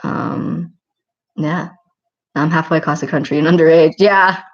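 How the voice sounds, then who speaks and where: A woman's voice: deep voice, steady tone, measured pace, dull audio. A woman chatting casually on a livestream and reading out comments, rambling and giggling with lots of filler words.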